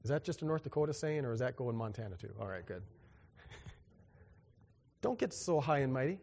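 A man preaching a sermon in an animated, joking way, acting out little dialogues with big swings in his voice. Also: medium pitch, moderate pace, vocal fry, big-room sound. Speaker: pastor.

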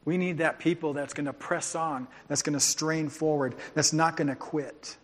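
A man's voice: on the high side, fairly even intonation, normal speed. A middle-aged man preaching a sermon, urging and joking like a football coach as he tells stories. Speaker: pastor. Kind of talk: sermon with storytelling. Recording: long reverb of a large hall.

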